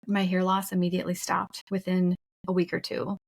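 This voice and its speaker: A woman's voice: fairly low pitch, completely flat delivery, fairly quick, vocal fry. A woman co-hosting a podcast, telling her own story in a frank, emphatic, casual way, swearing now and then. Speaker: podcast co-host. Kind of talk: candid conversational storytelling.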